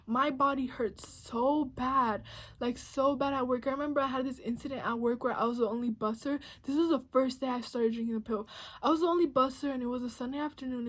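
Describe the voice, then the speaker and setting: Young woman vlogger, high and profane. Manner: blunt, profane, slangy, emotional. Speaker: beauty vlogger. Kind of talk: casual confessional vlog.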